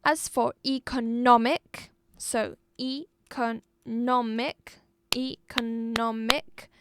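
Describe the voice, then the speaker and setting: A high-voiced Algerian woman leads an English exam-review lesson slowly and deliberately, repeating every word and spelling it out for her pupils. The recording is dry and close, with no room sound and no echo.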